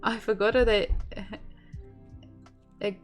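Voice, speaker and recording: A young woman with a Russian accent teaching a beginner language lesson, slowly repeating each word for learners to echo. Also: medium pitch, animated, soft background music.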